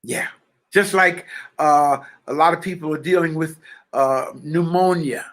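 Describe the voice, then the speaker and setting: A man delivers an impassioned spiritual message, speaking in a fervent, preacher-like manner. His voice sits high and bright. He talks slowly, addresses listeners directly and repeats key phrases for weight. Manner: addresses listeners directly and checks they follow.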